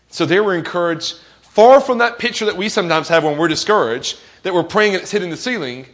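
A man's voice: fairly high pitch, animated, normal speed, fairly bright tone. Earnest male pastor preaching. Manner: earnest, asks the congregation questions; quotes scripture with rising emphasis. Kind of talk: sermon.

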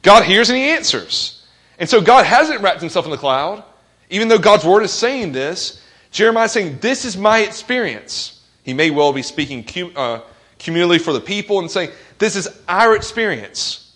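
A man's voice: sits high, lively intonation, moderate pace, fairly bright tone. A man preaching a sermon as pastor, earnest, asking the congregation questions and quoting scripture with rising emphasis.

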